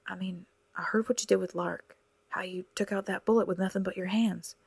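A woman reading a weary, wounded young man who speaks tersely in a rough, clipped way. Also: medium pitch, fairly even intonation, brisk, no room sound. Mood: pleading. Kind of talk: audiobook character reading.

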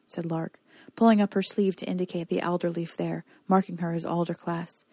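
A woman hosting a podcast, reading a fantasy novel aloud in a measured, even style. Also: on the low side, dry recording. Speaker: podcast host and narrator. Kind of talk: audiobook narration.

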